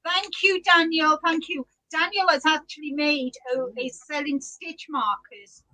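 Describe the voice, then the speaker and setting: A high-voiced woman hosts a relaxed live chat, unhurried in pace. She laughs often and greets viewers one by one. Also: poor audio. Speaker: podcast host reading live chat. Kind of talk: casual live-stream chat.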